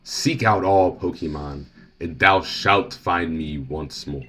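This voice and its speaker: A man intoning a slow, solemn ancient deity. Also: low voice, fairly bright tone, full character voice. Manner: slow archaic proclamations. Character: ancient solemn deity, male, vast and commanding.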